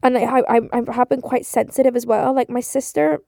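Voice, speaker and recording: A young woman from Northern Ireland records a rambling podcast voice note on her phone from bed. She sounds drowsy from surgery, swears freely and leans on fillers. Her slightly high voice is gravelly yet mellow, and the recording sounds dry and close. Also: steady tone, a little fast, no echo. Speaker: podcast host. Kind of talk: casual voice-note chat. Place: bedroom, lying in bed.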